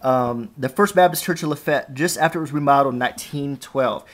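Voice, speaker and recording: A man's voice: medium pitch, brisk. Chatty man with a faint Southern accent. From Alabama, US South. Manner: conversational, amused, storytelling. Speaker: host showing family scrapbook. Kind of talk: casual vlog narration. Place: at home indoors, cats around.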